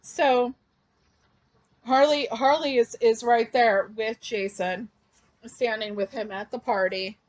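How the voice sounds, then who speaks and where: Slow, chatty woman recapping comics. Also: a little high, steady tone. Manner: chatty and loose, with many fillers and restarts. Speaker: comic book reviewer.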